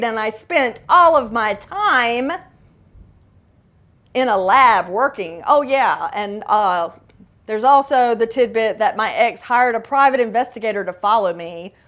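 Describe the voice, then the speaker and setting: A woman's voice: a little high, lively intonation, unhurried, fairly bright tone. A middle-aged woman hosting a podcast, candidly telling a personal story with dramatic asides. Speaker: podcast host.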